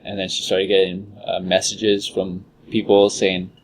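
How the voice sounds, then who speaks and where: A man's voice: deep voice, monotone, unhurried, slight background noise. A young man co-hosting a podcast in casual chat, retelling a story in a rambling way full of "like" and "uh". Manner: rambling retelling, heavy use of "like" and "uh". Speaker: podcast co-host.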